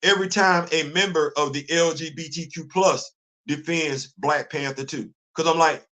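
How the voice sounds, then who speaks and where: Animated high-voiced male stream host. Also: normal speed. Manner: animated, rhetorical questioning, repeats himself. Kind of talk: live stream commentary.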